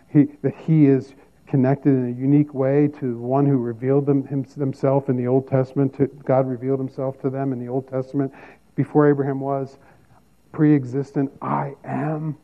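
A man preaching a sermon as a pastor, teaching emphatically and repeating key phrases. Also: mid-range voice. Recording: tinny phone-like sound.

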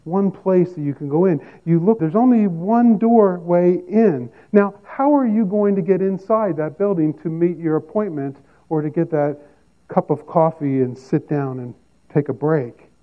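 A man's voice: on the high side, measured pace. A man preaching a sermon as a pastor, teaching emphatically and repeating key phrases. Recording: tinny phone-like sound.

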